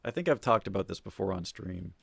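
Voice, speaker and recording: A man's voice: deep voice, expressive, a little fast, gravelly, fairly bright tone, husky, no room sound. A man chatting casually on a live stream, rambling and swearing as he rants. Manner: rambling, profane and ranting.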